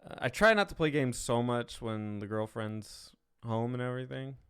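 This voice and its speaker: Smooth-voiced easygoing podcast man. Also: mid-range voice, normal speed, fairly bright tone. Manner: easygoing, joking. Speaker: podcast co-host. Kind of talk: casual chat.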